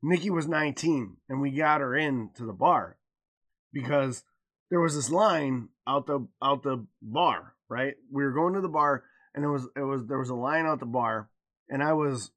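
A man's voice: mid-range voice, moderate pace, fairly bright tone. An American man co-hosting a podcast, telling a loose, profane bar story in casual chat. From United States. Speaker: podcast co-host.

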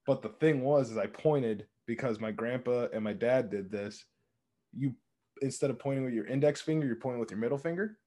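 Speaking fairly quickly in a dark-toned, medium-pitched voice, this young podcast co-host tells stories in a laid-back, casual conversation.

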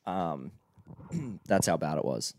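A man's voice: deep voice, sing-song, slow pace, a little mellow, dry recording. A young man with an Australian accent, co-hosting a podcast in a loose, rambling way with lots of fillers. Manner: laid-back, rambling with fillers. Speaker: podcast co-host. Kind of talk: casual chat.

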